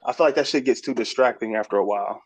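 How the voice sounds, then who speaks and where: A man's voice: medium pitch, fast, breathy edge, no room sound. A young man who is a rapper guest on a podcast, talking in slangy, profane casual chat and drawing out words for emphasis.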